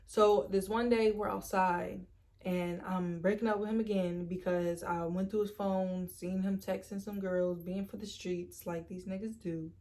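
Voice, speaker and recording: Young woman doing a storytime vlog, animated, acts out the quotes, says like a lot. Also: medium pitch, measured pace. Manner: chatty and animated, acts out quoted lines, leans on "like" and "literally". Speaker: storytime vlogger. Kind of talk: casual storytime.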